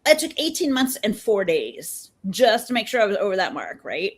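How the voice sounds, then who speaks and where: A woman in her fifties, a therapist, chatting as a podcast guest and telling stories in an animated way, acting out what people said. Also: medium pitch, normal speed, breathy edge. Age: 50s. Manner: chatty and animated, acts out quoted dialogue. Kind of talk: casual storytelling in a podcast interview.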